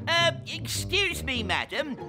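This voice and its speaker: A man voicing a kindly, polite old grandad gardener with a gentle, courteous manner, over children's music. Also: very high voice, very animated, slow pace, heavily acted.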